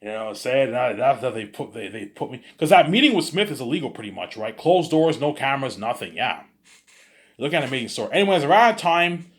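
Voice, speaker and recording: A man's voice: medium pitch, sing-song, fairly quick. Rambling young man telling a story. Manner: rambling, repeats words, says "you know what I'm saying" often. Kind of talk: casual spoken storytelling.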